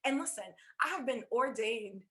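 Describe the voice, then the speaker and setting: A woman faith coach telling stories in a casual interview, animated and laughing, acting out dialogue. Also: a little high, moderate pace, reverberant. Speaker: podcast guest, faith coach.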